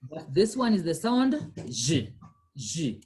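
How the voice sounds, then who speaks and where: Slow and sing-song, this woman's low-pitched voice is a little mellow and slightly rough. A language tutor in a one-on-one lesson, she patiently repeats her questions and quizzes the learner while explaining.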